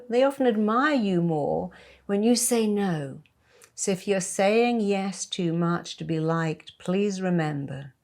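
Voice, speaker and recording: A woman's voice: on the low side, a little mellow. A middle-aged woman therapist giving emphatic, encouraging advice in a talk to camera. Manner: emphatic, encouraging, acts out sample phone calls.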